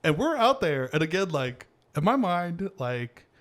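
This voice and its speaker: A man's voice: a little high, big pitch swings, a little slow, a bit bright. A man hosting a podcast in casual chat, telling stories in a rambling way with lots of fillers and laughter. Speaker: podcast host.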